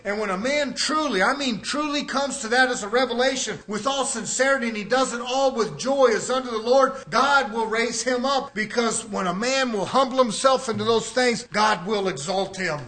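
An older man preaching a sermon, swinging between shouted questions and quiet asides. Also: very high voice, normal speed, few pauses.

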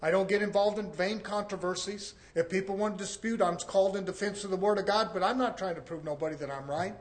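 High-voiced man preaching a sermon. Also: quick pace. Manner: swings between loud emphatic scripture reading and low conversational asides; drawls out repeated words for emphasis.

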